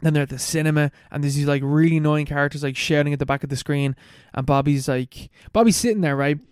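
A man's voice: a little high, a little mellow, smooth, no room sound, studio quality. A man in a casual chat, rambling and laughing as he recaps a film plot. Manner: rambling, laughing, swearing, fast storytelling.

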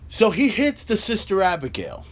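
A man's voice: high-pitched, wildly swooping pitch, moderate pace. A man hosting a podcast, recapping a wrestling show in an incredulous, profanity-heavy rant full of rhetorical asides. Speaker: podcast host.

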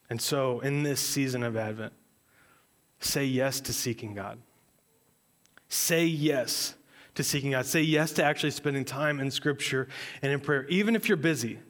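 A man in his thirties, a pastor preaching a sermon in a conversational, earnest storytelling way. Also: mid-range voice.

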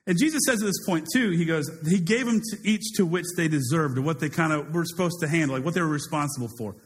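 A man preaching a sermon in a casual, animated way, paraphrasing a story and acting out its characters. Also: fairly high pitch, fast talker, big-room sound.

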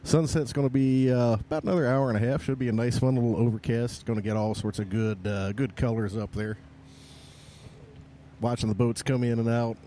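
A man's voice: mid-range voice, steady tone, brisk, warm tone, a little hiss or hum. A male musician co-hosting a podcast, chatting easily with dry quips from an outdoor bar stage by the bay. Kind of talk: casual chat.

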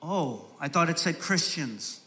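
A man preaching a sermon as pastor, repeating phrases for emphasis and building from soft, slow stresses to raised, urgent delivery. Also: on the high side, expressive.

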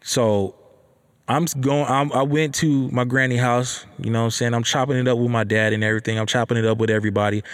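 A young man, telling a story in a casual, rambling way. He swears freely and loops back with fillers. His voice sits at a middle pitch for a man. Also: fast talker. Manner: profane, animated, repeats himself with fillers like "you know what I'm saying".

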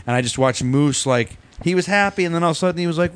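A man's voice: on the high side, animated, fast, a little hiss or hum. A man co-hosting a podcast, telling a rambling story in casual chat and swearing freely. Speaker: podcast co-host.

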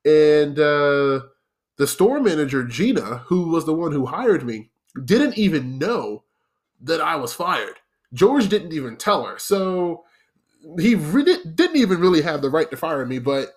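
A young man hosting, telling a profane story about his old job in a casual, animated monologue that turns into rants at the listener. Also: fairly high pitch, normal speed. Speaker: podcast host.

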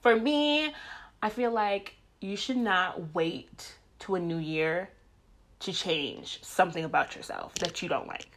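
A young adult woman vlogging to her viewers, telling stories in a blunt, profane and animated ranting way. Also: on the low side, measured pace. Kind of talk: casual ranting monologue.

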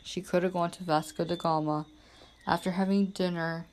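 A woman's voice: lowish voice, steady tone, normal speed, a little mellow. A woman from Bermuda, hosting a podcast in a rambling, emphatic casual monologue. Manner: rambling and emphatic, heavy use of "like" and "literally". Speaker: podcast host.

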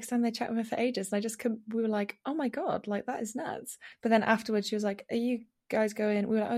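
A young woman, co-hosting a podcast in casual chat, telling a story with lots of fillers and acted-out quotes. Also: fairly high pitch. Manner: animated storytelling, acting out quotes, many fillers. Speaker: podcast co-host.

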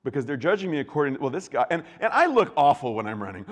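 A man's voice: medium pitch, big pitch swings, rapid-fire, in a large hall. An adult man preaching a sermon as a pastor, talking conversationally and often repeating words and restarting. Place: church.

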